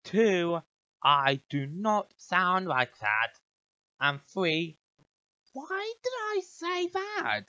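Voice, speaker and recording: A man's voice: high-pitched, huge pitch swings, extremely slow, sharp tone, no echo, highs cut off, exaggerated voice. A man voicing a rude, bossy cartoon twin boy who reacts bluntly and indignantly in a fan dub.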